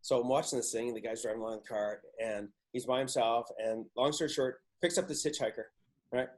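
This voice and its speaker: An excitable man hosts a podcast, spinning stories in loose, casual chat. He swears freely and leans hard into the telling. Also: medium pitch, quick pace. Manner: excitable, swears a lot, animated. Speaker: podcast host.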